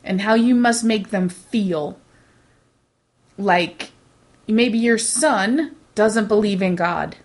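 A woman co-hosting a podcast in casual chat, talking in a rambling, animated way with many restarts. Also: mid-range voice, takes it slowly, long pauses. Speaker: podcast co-host.

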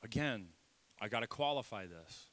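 A middle-aged man preaching a sermon in a church, lively and self-deprecating, leading the congregation in call-and-response. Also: mid-range voice, normal speed. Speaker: pastor. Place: church sanctuary.

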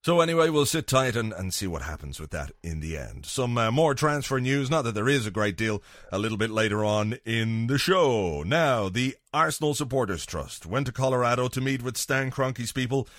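A man's voice: mid-range voice, moderate pace, hardly any pauses, no echo, clean studio sound. A man hosting a football podcast, talking casually and with lots of swearing, slipping into voices to act out his points. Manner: sweary, animated, acts out voices for comic effect. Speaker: podcast host.

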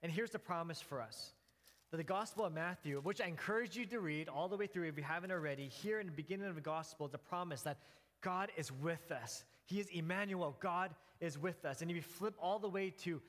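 An earnest male pastor preaching in a slightly high voice. He tells his story with restarts and the odd soft laugh, and his words ring out with the long reverb of a church hall. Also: a little fast. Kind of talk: sermon.

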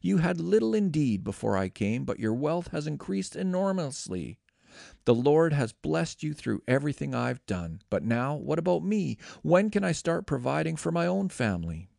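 A weary, hardworking shepherd making an earnest case, voiced by a man reading. The tone is gravelly and lively in pitch, recorded dry and close. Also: moderate pace, no room sound, full character voice. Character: Jacob, hardworking shepherd husband, firm and weary.

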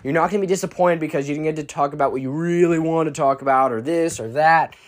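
Earnest, halting teen preacher. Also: mid-range voice. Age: teens. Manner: earnest, halting, with frequent restarts and fillers; bursts into excited emphasis. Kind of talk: informal sermon.

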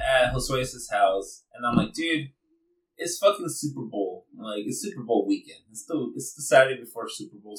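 A man tells a story in loose, profane, animated chat and drops Spanish words into his English. He sits some way from the microphone. His voice rings in an echoey room. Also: mid-range voice. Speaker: podcast guest telling a story. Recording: echoey room, distant mic.

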